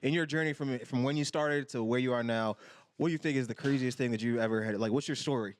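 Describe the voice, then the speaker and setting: Podcast guy asking a long loose question, lots of "you know", talks fast. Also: mid-range voice, slight background noise. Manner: rambling, filler-heavy questions. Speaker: podcast host. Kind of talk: casual interview chat.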